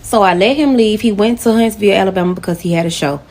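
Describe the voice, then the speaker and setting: A woman's voice: mid-range voice, fast, a little mellow. A woman telling a personal story to her camera in a casual, emotional way, speaking straight to her viewers.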